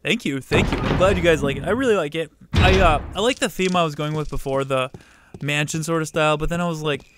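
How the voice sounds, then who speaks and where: A man's voice: fairly high pitch, quick pace, heavy background noise. Swearing young male game streamer. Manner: profane, chatty, outbursts at the game, greets viewers. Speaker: let's play streamer. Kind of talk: casual live-stream gaming commentary.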